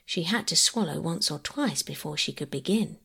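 A woman reading a bedtime story aloud, narrating quietly and calmly. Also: low-pitched, moderate pace, gravelly, slightly rough.

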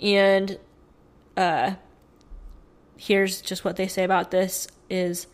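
Her voice is mid-range and level, and she talks slowly with long pauses. As a co-host on a casual podcast, this woman reads news stories from her notes in a chatty manner full of fillers.

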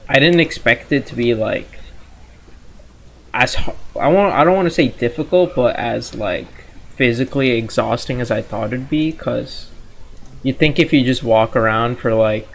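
A man's voice: medium pitch, moderate pace, creaky, a little hiss or hum. A man as a podcast guest, rambling and hedging as he talks about a past job. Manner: relaxed, rambling, hedging with fillers. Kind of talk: casual chat.

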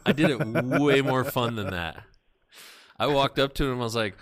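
A man chatting on a podcast, telling a profane, animated story and acting out the voices of the people in it. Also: mid-range voice, moderate pace. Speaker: podcast talker. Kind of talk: casual podcast chat.

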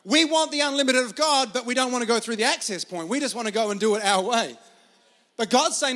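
In a very high-pitched, brisk, fairly bright voice, a male pastor with an Australian accent delivers a storytelling sermon. His delivery is casual and chatty, peppered with fillers.

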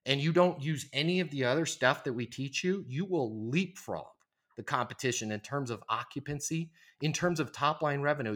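A man's voice: mid-range voice, fairly bright tone. A man in his forties, a sales trainer speaking as a podcast guest, talking emphatically and persuasively and often tagging "right?". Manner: emphatic, persuasive, frequent "right?" tag questions. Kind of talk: conversational podcast interview.

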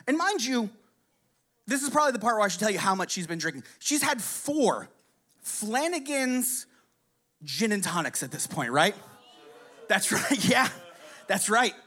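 A man's voice: sits high, very animated, unhurried, pauses often, pushed and bright. A man casually telling a crude, rambling story to a live audience, constantly checking in with his listeners and chuckling between lines.

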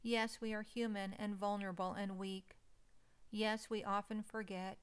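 A woman delivering a slow, soothing, scripted devotional message. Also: medium pitch, level tone, clean tone. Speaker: devotional speaker.

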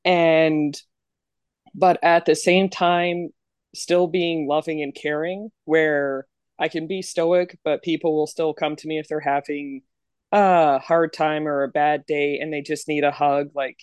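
A woman with a lowish voice chatting as a podcast co-host, quick to laugh and poke fun at herself. Her voice is recorded close and dry, with no room sound. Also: steady tone, a little mellow, clear, resonant tone, no echo. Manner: jokey, laughs often, self-deprecating. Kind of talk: casual chat.

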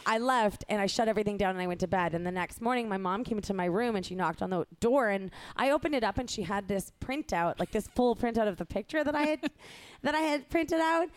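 A woman's voice: medium pitch, smooth. A young adult woman co-hosting a podcast, telling rambling stories with frequent giggles in casual chat. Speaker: podcast co-host.

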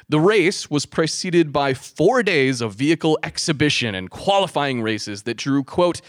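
A man's voice: mid-range voice, dry recording, studio quality. A man co-hosting a casual podcast chat, telling a history story with frequent laughter. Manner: animated, laughs often, hams up a mock French accent. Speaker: podcast co-host.

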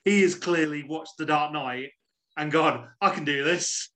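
A man makes dry, wry remarks in a casual podcast film review. His voice is high for a man. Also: measured pace, fairly bright tone. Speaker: podcast co-host.

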